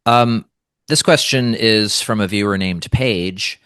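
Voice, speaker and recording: A man hosting an interview, calmly reading out a viewer's question. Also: on the low side, takes it slowly, no echo, clean studio sound. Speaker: interview host.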